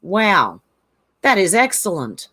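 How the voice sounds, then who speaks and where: Slow and husky, with a mid-range, fairly bright voice and big pitch swings, an Australian host chats casually on her livestream. She reads viewer comments aloud, talks them through, and laughs often.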